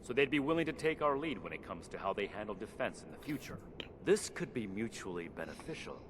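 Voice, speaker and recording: A man's voice: on the low side, sing-song, brisk, noisy background. A man voicing a pragmatic military officer in video game dialogue, speaking in a thoughtful, probing way.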